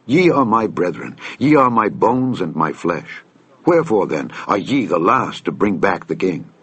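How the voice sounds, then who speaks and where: A man reading an old Bible text aloud in a measured, solemn way. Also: deep voice, sing-song, fairly bright tone, slightly rough, dry recording. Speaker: scripture reader.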